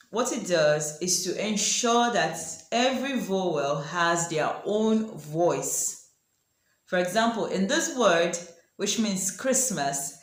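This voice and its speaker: A woman teaching a language lesson, asking the viewer questions and repeating example words slowly. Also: lowish voice, reverberant. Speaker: French teacher. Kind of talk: language lesson explaining pronunciation.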